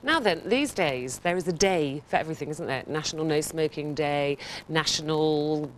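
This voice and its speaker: A woman with a notably deep voice hosts a daytime TV segment. She keeps it breezy and jokey. A faint hum of studio noise lies under her. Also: normal speed. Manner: breezy and jokey, laughs often. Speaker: TV presenter. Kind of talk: daytime TV interview. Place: TV studio kitchen.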